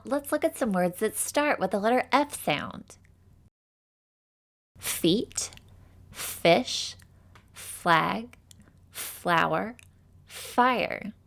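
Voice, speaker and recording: A woman with a fairly high, slightly bright voice leads a children's phonics lesson at a slow, scripted pace. Upbeat and encouraging, she gives frequent praise and sounds out letters with careful, exaggerated enunciation.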